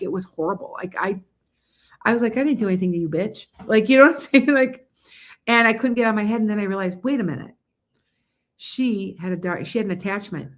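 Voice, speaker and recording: A woman psychic hosting a casual livestream from home, talking fast in a rambling, animated way. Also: mid-range voice.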